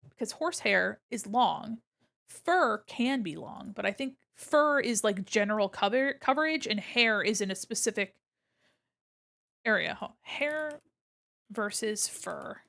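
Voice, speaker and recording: A young woman streamer chatting casually with her viewers while she draws, animated, laughing often and swearing freely. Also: mid-range voice, creaky. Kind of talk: casual chat with a live stream chat while drawing.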